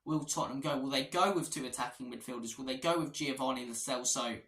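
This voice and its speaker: Male fan vlogger, passionate and opinionated, bright voice, recorded in an echoey room. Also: medium pitch, quick pace. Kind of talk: opinionated match preview.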